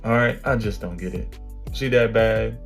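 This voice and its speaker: A man's voice: fairly low pitch, moderate pace, vocal fry, soft background music. A man hosting a podcast, reacting to clips in casual, slangy commentary with laughing asides. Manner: slangy, laughing asides, calls listeners bro.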